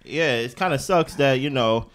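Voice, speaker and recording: A man's voice: mid-range voice, normal speed. Man reacting animatedly in casual slang. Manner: animated colloquial reactions, talks to the people on screen. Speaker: podcast co-host.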